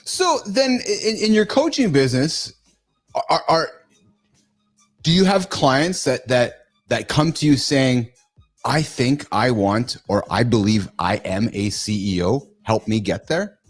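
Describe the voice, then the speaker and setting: A man hosting a talk show, playful and animated, who often restarts his sentences in halting bursts. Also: medium pitch, soft background music. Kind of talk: casual talk show banter.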